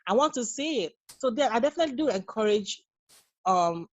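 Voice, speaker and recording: A woman's voice: fairly high pitch, expressive, brisk, dry recording, rough recording. A woman in her thirties, a guest on a podcast, talking earnestly and telling stories in a casual interview. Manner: earnest, storytelling, acts out quoted dialogue. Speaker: guest, nurse and mother.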